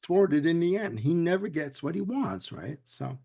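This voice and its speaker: A man's voice: on the high side, very animated, moderate pace, vocal fry, warm tone, husky. A man hosting a casual podcast chat, rambling through a retelling with lots of "you know"s. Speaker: podcast host.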